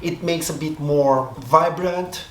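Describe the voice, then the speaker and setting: A man's voice: on the high side, takes it slowly, a bit bright. A man from Brazil with a Brazilian accent, a Portuguese native speaker, talking to his camera in a reflective, hesitant way, often stopping to restart and rethink his words. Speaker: vlogger. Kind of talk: casual monologue to camera. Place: seated in front of a camera. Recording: echoey room, faint background noise.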